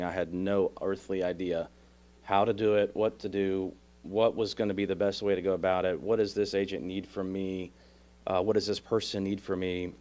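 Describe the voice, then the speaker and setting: Very deep-voiced Texan man. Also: darkish tone. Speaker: real estate coach. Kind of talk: podcast conversation.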